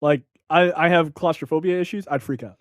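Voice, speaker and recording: A podcast host, a man with a noticeably high voice, chats in a loose, profane way, full of "like" and "um". He's close on a dry mic, with no room around him. His storytelling is animated and casual. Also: brisk, no echo. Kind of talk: casual chat.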